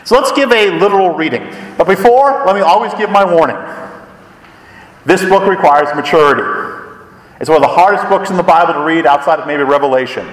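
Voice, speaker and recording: A high-voiced man preaches a sermon, his pitch swinging up and down for emphasis. He sounds a little distant from the mic. A long, roomy church echo hangs behind every phrase. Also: fairly quick. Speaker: pastor. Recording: echoey hall, from far off.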